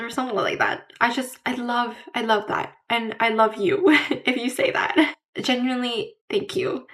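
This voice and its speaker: A woman talking candidly to camera in a casual vlog. She pauses to search for words, repeats herself and restarts often, and fills the gaps with "like". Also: a little high, fairly even intonation, fairly bright tone. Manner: searches for words mid-sentence. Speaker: vlogger.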